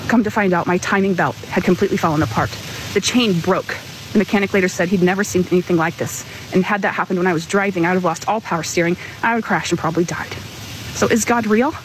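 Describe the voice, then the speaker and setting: A woman earnestly telling a personal story with animated emphasis. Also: fairly low pitch, fast, a little hiss or hum, low-quality recording. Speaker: caller sharing a personal story. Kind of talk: emotional personal testimony.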